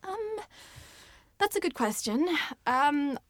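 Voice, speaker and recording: A woman's voice: high-pitched, slow, dry recording, studio quality. Bubbly young woman author. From Australia. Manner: bubbly, laughs often, lively asides. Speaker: author being interviewed. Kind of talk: casual interview answers. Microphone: studio microphone.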